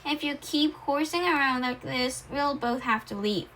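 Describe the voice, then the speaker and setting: A woman's voice: high-pitched, moderate pace, pushed and bright, slight background noise, low-quality recording. Woman voicing a stern, scolding dad. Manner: firm, scolding. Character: stern father, a writer.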